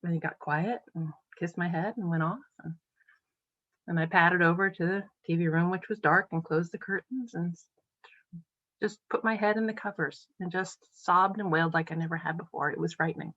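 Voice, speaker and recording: A woman in her forties with a Boston-area accent tells her story in an earnest, emotional way, with frequent ums. Her voice sits a little low. The sound is dry and slightly dull, like a remote call mic. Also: steady tone, normal speed, a bit bright, no room sound. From New England. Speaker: podcast guest. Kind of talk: personal recovery story.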